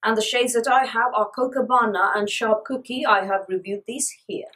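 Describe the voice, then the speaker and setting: Sucking a lozenge for her sore throat, a woman reviews beauty products with chatty enthusiasm, often doubling up words to stress them. Her fairly high, fairly bright voice moves at a normal speed on a low-quality recording.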